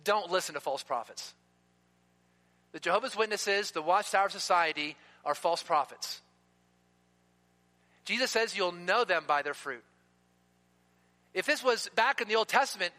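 High, bright-voiced preacher man. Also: lively intonation. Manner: emphatic, slowing down to stress key words. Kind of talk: sermon. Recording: long reverb of a hall.

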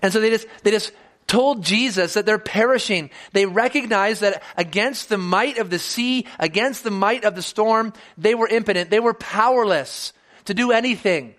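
Male pastor, sermon delivery, high voice, earnest, repeats words on restarts. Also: moderate pace, fairly bright tone.

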